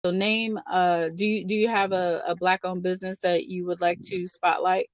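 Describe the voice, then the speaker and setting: A woman's voice: fairly low pitch, flat delivery, normal speed, dry recording. Playful teasing woman podcast host. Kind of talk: casual podcast chat.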